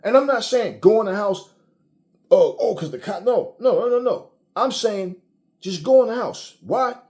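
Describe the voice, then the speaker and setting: Male commentator, blunt profane rant, warm slightly high voice. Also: expressive, normal speed. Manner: blunt, profane, repetitive restarts. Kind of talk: casual rant to camera.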